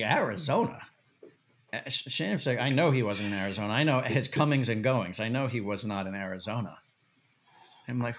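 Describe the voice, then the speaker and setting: Guest spot: male storyteller, mid-pitch, animated, swears freely. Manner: animated, swearing, acts out quoted voices. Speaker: podcast guest. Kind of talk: casual storytelling.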